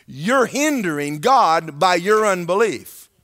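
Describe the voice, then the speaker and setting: A man preaching a sermon in an animated, conversational way, speaking emphatically and often checking in with his listeners. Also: high-pitched, takes it slowly.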